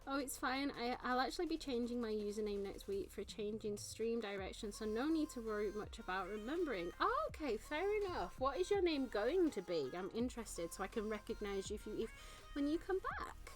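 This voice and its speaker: A young woman hosts a casual live stream in a high, bright voice. She giggles constantly and gushes, often stumbling and restarting her words. Soft music sits faintly in the background. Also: expressive, a little fast. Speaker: streamer and nail technician.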